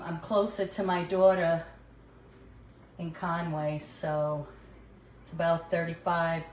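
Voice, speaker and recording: An older woman with a New York accent talks slowly and easily while she cooks at home, laughing now and then. Her voice is picked up by a phone in an echoey kitchen, with faint noise behind. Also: on the low side, a little mellow. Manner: chatty, laughs often, talks while cooking. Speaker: cooking livestream host. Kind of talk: casual cooking chat.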